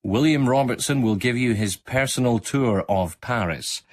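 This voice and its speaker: A man's voice: medium pitch, normal speed, lightly acted. A man reading a radio story, voicing a jovial, bearded young Scottish man who talks in a lilting, chatty and forward way. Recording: archived radio broadcast.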